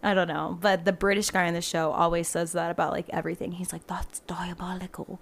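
A woman's voice: lowish voice, fairly even intonation, quick pace, gravelly. Chatty woman hosting a casual podcast. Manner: chatty and loose, heavy use of "like", laughs often. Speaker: podcast host. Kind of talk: casual true-crime podcast chat and case reading. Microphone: home laptop microphone.

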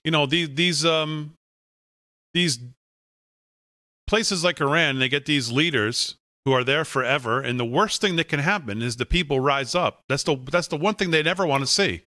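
A man hosting a political talk show, brisk and sarcastic, asking rhetorical questions. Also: on the high side, pushed and bright, dry recording, studio quality. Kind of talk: casual political commentary.

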